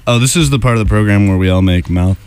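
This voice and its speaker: A man's voice: fairly low pitch, fast, noisy background. A young man co-hosting a casual radio show, playful and jokey, tossing in little sound effects.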